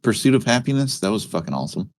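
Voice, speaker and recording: A man with a low but very lively voice jokes and argues bluntly about movies. The sound is dry and close. He swings his pitch around as he banters. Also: rapid-fire, no room sound. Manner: animated, joking, blunt. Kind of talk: casual chat.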